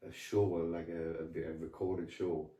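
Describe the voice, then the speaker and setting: A low-voiced man chats in a rambling way as an actor guest, stopping to restart his sentences and joking as he goes. He sounds a little distant from the mic, in a roomy space that echoes. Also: flat delivery, normal speed, warm tone. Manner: rambling, restarts, jokey with laughs. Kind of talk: casual interview chat.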